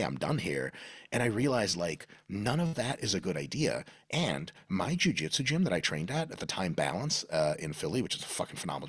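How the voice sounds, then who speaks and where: Deep, lively man telling a story. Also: husky, no echo, studio quality. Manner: rambling, profane, acts out quoted voices. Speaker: podcast guest. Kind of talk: casual storytelling.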